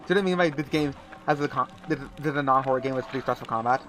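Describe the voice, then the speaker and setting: A man's voice: mid-range voice, racing, a bit bright, soft background music. A man streaming a game, chatting casually and joking, acting out quoted voices. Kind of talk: casual chat over gameplay.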